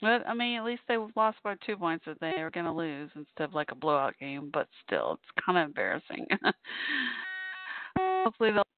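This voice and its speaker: A woman's voice: deep voice, wildly swooping pitch, brisk. A woman hosting a live call-in podcast, chatting casually and wandering between topics, tired and yawning. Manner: chatty, meandering, tired with yawns. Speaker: podcast host. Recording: thin phone-like dry sound.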